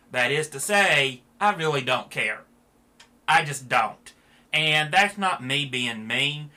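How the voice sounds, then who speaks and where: A man's voice: medium pitch, pushed and bright. A man giving a blunt, sarcastic opinion rant to the camera as a vlogger.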